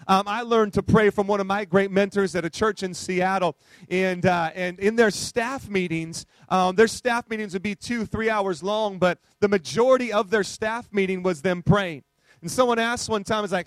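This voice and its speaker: A man with a high voice preaches a lively, conversational sermon, checking in with his listeners through frequent rhetorical questions. His voice is picked up close, with a dry sound and almost no room echo. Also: normal speed. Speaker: pastor.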